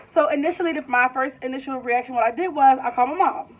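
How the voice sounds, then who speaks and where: A woman's voice: high-pitched, fast talker. A woman in her twenties casually telling a personal story, full of "like" and rambling restarts. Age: 20s. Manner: chatty, fills with "like", rambling restarts. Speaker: vlogger. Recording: slightly distant, dull lo-fi sound.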